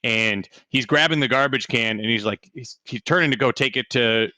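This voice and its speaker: A man's voice: medium pitch, normal speed, bright, forceful tone, no echo. A man running a tabletop game as game master, narrating loosely with many fillers.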